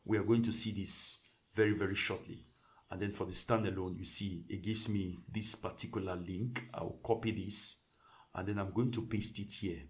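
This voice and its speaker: Deep-voiced man talking through a tutorial. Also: moderate pace. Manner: relaxed, thinks aloud with restarts while clicking through settings. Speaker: tutorial presenter. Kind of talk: casual screen-share tutorial.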